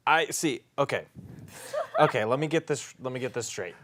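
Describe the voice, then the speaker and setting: A man's voice: medium pitch, normal speed. A man playing a tabletop role-play game, talking in a playful, joking way. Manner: playful, expressive, laughing. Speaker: player.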